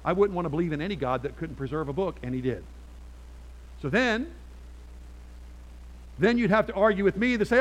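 Emphatic preacher man, slightly high voice. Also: expressive, fairly quick, pauses often, poor audio. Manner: emphatic, swings from loud exhortation to quiet storytelling. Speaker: pastor. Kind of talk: sermon. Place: church, in front of a congregation.

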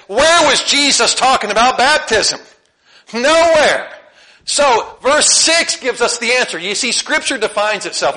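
A man's voice: high voice, pushed and bright. A male preacher delivering a conversational sermon, asking the congregation questions and laughing often.

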